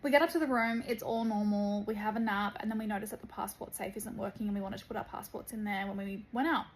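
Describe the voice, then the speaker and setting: A woman recounting an eerie travel experience to camera in a measured storytelling way. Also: mid-range voice, fairly even intonation, slight background noise, poor audio.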